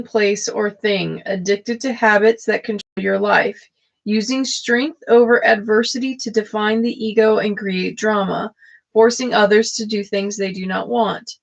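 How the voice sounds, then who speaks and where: A woman chats her way through tarot readings on a live stream. She talks slowly and warmly to viewers, with a gravelly, fry-edged voice and frequent laughs. The audio is dull and lo-fi, like a home stream. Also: mid-range voice. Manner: chatty, laughs often, talks straight to viewers in chat. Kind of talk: casual live-stream chat with card readings.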